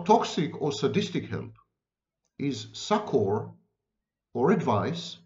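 Male lecturer, emphatic and repetitive, slightly high, lively delivery, dull lo-fi audio. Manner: emphatic, repeats and restates phrases. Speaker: lecturer on psychology. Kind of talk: unscripted lecture.

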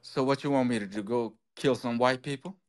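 A man's voice: medium pitch, brisk, slight background noise. Caller guy from nepal, keeps insisting, kind of defensive. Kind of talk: phone-in call.

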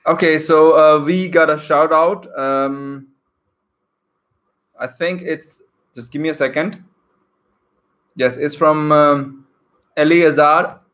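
A man with an Indian English accent co-hosting a live online English class. He reads out viewer comments and questions and often pauses on fillers. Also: a little high, fairly even intonation, fairly bright tone. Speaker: co-host English teacher.

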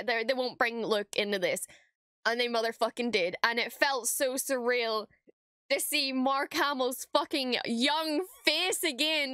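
A woman's voice: sits high, sharp tone, no room sound, clean studio sound. A woman streamer reacting to a show, gushing and breathless, swearing freely and stammering when overwhelmed. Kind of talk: excited reaction commentary.

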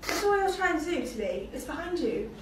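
A woman's voice: sits high, big pitch swings, brisk, background noise. A woman in a casual home video, flustered and confused, saying she is in a rush.

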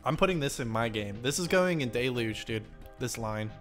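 A man's voice: mid-range voice, lively intonation, moderate pace, fairly bright tone, faint music behind. A young man giving laid-back let's-play commentary as a streamer, peppered with "dude". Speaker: game streamer.

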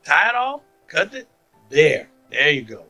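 A man voicing his mother, a warm older woman who firmly and patiently coaches her young son through a chore, giving step-by-step instructions. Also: low-pitched, big pitch swings, a little slow, soft background music, pitched above the performer's own voice, full character voice. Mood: coaching. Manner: firm, encouraging step-by-step instructions.

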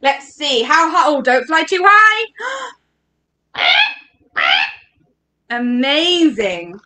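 A woman's voice: sits high, huge pitch swings, drawn-out words, sharp tone. A woman leading an interactive story workshop for children, talking in a playful, encouraging, sing-song way.

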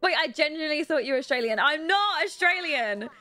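A woman's voice: high-pitched, expressive, a little fast, pushed and bright, soft background music. A young British woman chatting casually while streaming a life-simulation game, reading and answering chat and giggling often. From Britain. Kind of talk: casual gameplay commentary.

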